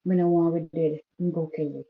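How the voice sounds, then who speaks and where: A woman's voice: low-pitched, fairly even intonation, a little fast, phone-quality sound. A Caribbean woman quoting her frightened young daughter, pleading and repeating herself. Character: frightened young girl begging her mother.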